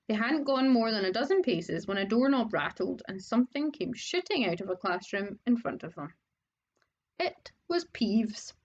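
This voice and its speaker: A woman reading a children's storybook aloud in a steady way, with occasional slips on words. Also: medium pitch, a little hiss or hum. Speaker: audiobook reader. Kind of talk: storybook narration. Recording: dull lo-fi recording.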